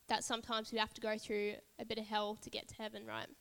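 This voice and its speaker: A woman's voice: on the high side, completely flat delivery, quick pace, creaky, hardly any pauses, a bit bright, clean tone, in a large hall. A woman preaching a sermon at a church service, earnest and repetitive, building emphasis phrase by phrase.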